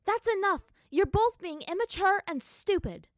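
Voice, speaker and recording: A woman's voice: extremely high pitch, animated, normal speed, dry recording, clean studio sound, voice pushed up. A woman voicing a fierce, hot-tempered teenage girl who scolds sharply, in a fan fiction reading. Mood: scolding. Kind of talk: fan fiction read aloud.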